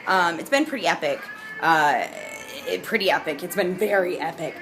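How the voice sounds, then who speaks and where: A woman's voice: fairly low pitch, normal speed. A young adult woman chatting casually and upbeat in a vlog, bubbly and talkative with frequent restarts. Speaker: vlogger. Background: jazzy music playing.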